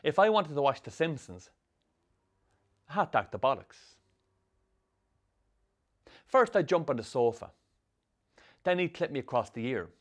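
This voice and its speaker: An actor narrating a film as a troubled young Irish man with a Sligo accent, telling his rough youth in a dry, sardonic way. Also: fairly high pitch, sing-song, measured pace, pauses often. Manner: dry, sardonic storytelling with strong swearing. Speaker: narrator, the film's lead. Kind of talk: scripted film voice-over.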